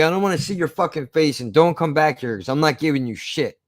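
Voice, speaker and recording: A man's voice: fairly high pitch, a little fast, no room sound. A man casually telling a story from his past, swearing often and acting out the argument. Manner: profane, animated retelling.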